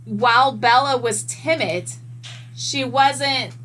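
A woman guest in a casual podcast chat, telling stories in an animated way and swearing freely. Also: on the high side, slow, slight background noise, rough recording. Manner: animated, profane storyteller.

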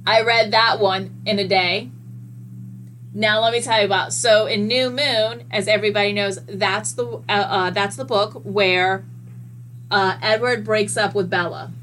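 A woman guest in a casual podcast chat, telling stories in an animated way and swearing freely. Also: mid-range voice, a little slow, a little hiss or hum, poor audio. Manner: animated, profane storyteller.

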